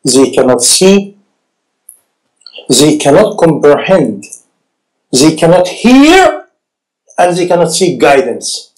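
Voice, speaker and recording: Animated male preacher. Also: on the high side, slow, long pauses, poor audio. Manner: animated, rising to shouts, rhetorical questions to the audience. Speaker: Islamic preacher. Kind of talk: sermon.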